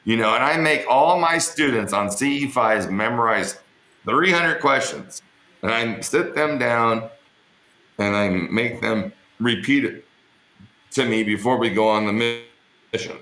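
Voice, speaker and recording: A man's voice: mid-range voice, a little slow, pushed and bright, echoey room. A man being interviewed, telling rambling, joking stories in a casual way and swearing freely. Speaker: interview guest. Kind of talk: casual storytelling on an online interview.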